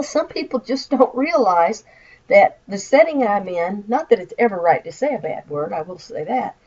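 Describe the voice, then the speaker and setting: A college instructor from the Midwestern United States, speaking with a Southern American accent, gives a recorded lecture over slides and explains ideas with acted-out example phrases. Her voice is mid-range and a little mellow, and the highs are cut off.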